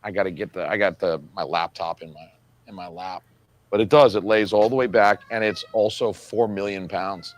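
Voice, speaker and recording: A man's voice: low voice, fairly even intonation, normal speed, no echo. Crude joking man in his forties. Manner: crude, self-mocking storyteller. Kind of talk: casual chat. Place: home room with a bookcase.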